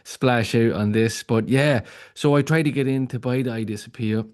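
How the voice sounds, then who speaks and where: A man's voice: medium pitch, moderate pace, a little mellow, clear, resonant tone. A man, a podcast host telling a story in casual chat with lots of fillers and restarts. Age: 30s.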